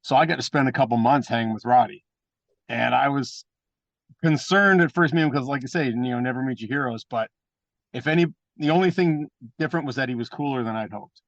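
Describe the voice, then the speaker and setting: Fast-talking, blunt wrestler guest. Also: male voice, medium pitch, gravelly, no room sound, muffled recording. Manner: animated anecdotes with mimicked voices; profane and blunt. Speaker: guest, pro wrestler and trainer. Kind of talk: casual storytelling interview.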